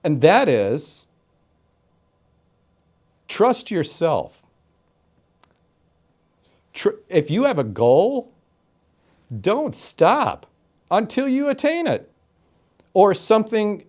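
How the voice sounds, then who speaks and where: A middle-aged man from Florida, an interview guest telling his story with animated, emphatic delivery and acted-out quotes. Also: high-pitched. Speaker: interview guest, game show announcer.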